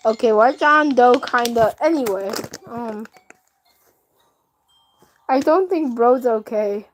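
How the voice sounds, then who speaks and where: Slow-talking young woman streamer. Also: a little high, poor audio. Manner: reacts to the game, talks to chat. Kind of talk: casual gaming livestream chat.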